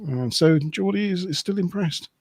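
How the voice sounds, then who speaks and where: A man's voice: high voice, moderate pace, husky, no room sound. A man hosting a casual episode recap over a video call, rambling, correcting himself and laughing often. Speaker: podcast host.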